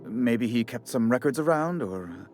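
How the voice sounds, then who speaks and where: A man's voice: mid-range voice, animated, measured pace. An actor voicing a fussy, condescending male corporate bureaucrat in a video game, with a prim, theatrical delivery. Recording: soft game music behind.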